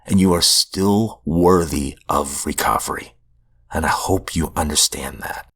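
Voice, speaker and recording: A man's voice: very deep voice, measured pace, creaky, a bit bright, husky. A man hosting a recovery podcast, telling his own story in an earnest, heartfelt, self-deprecating way. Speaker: podcast host. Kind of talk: personal recovery testimony.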